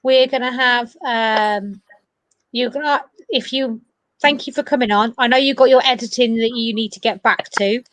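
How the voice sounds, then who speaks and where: A woman host wrapping up with a guest in casual chat, halting and thankful. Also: on the high side, fairly even intonation, a bit bright, dry recording.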